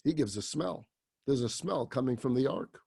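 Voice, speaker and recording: A rabbi telling a story in a sermon, animated and dramatic. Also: male voice, mid-range voice, normal speed, vocal fry, husky.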